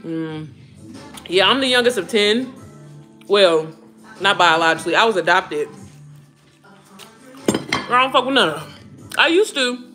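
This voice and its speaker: A woman in her thirties chatting casually to her viewers, animated and talkative, calling them girl and baby. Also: mid-range voice, a little slow, long pauses, faint music behind. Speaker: vlogger talking to viewers while cooking. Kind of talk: casual chat.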